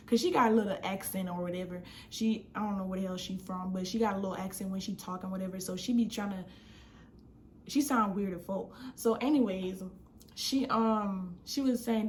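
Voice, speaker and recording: A young adult woman vlogger telling a storytime in a casual, slangy, animated way, acting out what people said. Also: medium pitch, brisk, a little hiss or hum. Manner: animated, slangy, acts out quotes.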